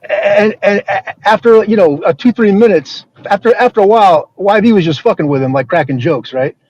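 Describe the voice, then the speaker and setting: A man with a slightly high voice tells a rough, profane story in loose casual chat and laughs along as he goes. The audio is muffled and lo-fi, like a stream. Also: a little fast, a little mellow. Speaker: stream host.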